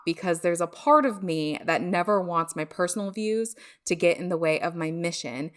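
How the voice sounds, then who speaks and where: A woman's voice: fairly low pitch, a bit bright. A woman hosting a solo podcast, talking in a candid, chatty way and laughing at herself now and then. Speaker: podcast host.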